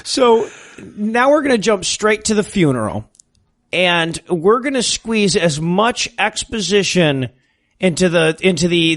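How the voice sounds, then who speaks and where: High-voiced man sarcastically recapping a movie. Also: fairly bright tone. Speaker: podcast co-host. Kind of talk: casual comedic movie recap.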